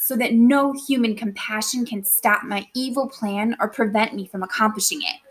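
A woman's voice: fairly high pitch, a bit bright, rough recording. A woman teacher voicing a scheming, ambitious noblewoman, reading dramatically with a put-on accent.

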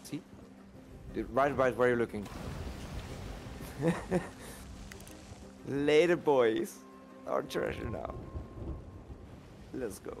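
A man giving orders to his crew during a game, excited and swearing. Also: medium pitch, slow, gravelly, pauses often, soft background music. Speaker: gaming crewmate. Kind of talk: casual gaming chat. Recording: noisy game audio behind.

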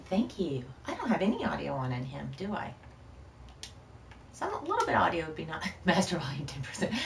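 Woman gamer rambling to chat while she plays, kinda scattered, bright voice, mic a bit far off. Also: fairly low pitch, echoey room, a little hiss or hum. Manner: scattered, rambling, chatty with viewers. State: short on sleep. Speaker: game streamer. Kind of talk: casual live-stream chat while gaming.

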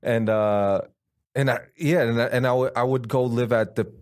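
A man's voice: medium pitch, moderate pace. A man, a guest comedian chatting casually on a podcast and telling stories with animation. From Taiwan. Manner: animated storyteller who acts out the voices of people he quotes.

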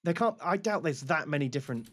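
Giggly young man, slightly high. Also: animated, fast talker. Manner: giggly, rambling with many fillers. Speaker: gamer co-host. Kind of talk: casual chat while gaming.

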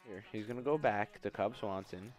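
A young man giving live gameplay commentary, trash-talking his opponent, swearing and erupting into shouts. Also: on the low side, normal speed. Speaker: gaming YouTuber.

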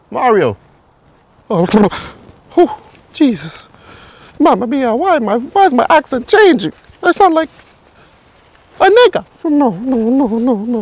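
In a comedy skit set outdoors in a village, a man plays a jittery, cowardly adult plumber, Luigi, in a very high, exaggerated voice. He sounds panicked, rambling and jumpy, cracking jokes while panicking again and again.

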